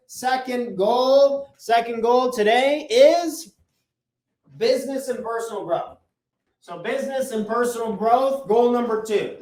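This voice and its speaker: Male business coach, bright higher voice, casual motivational delivery with mild swearing, recorded from a distance. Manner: repeats key points for emphasis. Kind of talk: motivational talk to camera. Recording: echoey room, mic at a distance.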